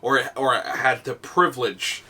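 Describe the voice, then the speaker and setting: A man's voice: medium pitch, a little slow, slightly rough. A young man hosting a casual podcast, telling stories animatedly with lots of restarts and some swearing. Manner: animated storyteller with frequent restarts and profanity. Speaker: podcast host. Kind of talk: casual chat.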